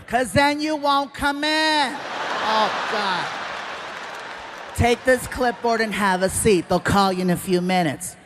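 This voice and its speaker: A bored, deadpan clinic receptionist rattles off instructions, as a male comedian puts her on. The voice sits high and stays flat and businesslike. It is caught on a stage mic with steady crowd noise behind it. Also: measured pace.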